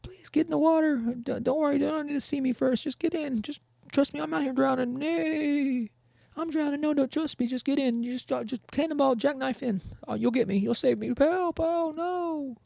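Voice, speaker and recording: A man voicing a sly kelp seahorse creature that fakes drowning, in a shrill falsetto with neighing cries and mock-desperate pleading. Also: moderate pace, creaky, a little mellow, no echo, full character voice. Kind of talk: comedic podcast bit.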